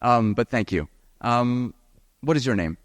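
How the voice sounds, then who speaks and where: A man teaching a live seminar on the speaking exam, lively and encouraging, talking straight to his audience. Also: mid-range voice, a little slow, dry recording, studio quality. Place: event hall with audience.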